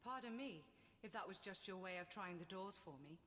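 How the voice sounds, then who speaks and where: A woman's voice: mid-range voice, a little fast, fairly bright tone, slight background noise, lightly acted. An actress playing a poised, sardonic woman adventurer in a video game cutscene, speaking with dry, polite wit. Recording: long reverb with faint ambience.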